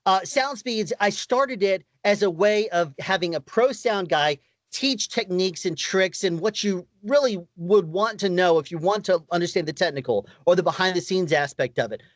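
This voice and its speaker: Male guest, high-pitched, practical explainer tone, dry close recording. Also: moderate pace, no room sound. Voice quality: higher-pitched voice. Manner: explanatory, practical, rhetorical questions. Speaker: audio engineer guest. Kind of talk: interview advice.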